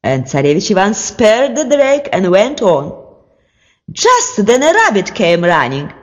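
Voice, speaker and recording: A storyteller reading a fairy tale aloud in a slow, expressive way. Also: medium pitch, big-room sound.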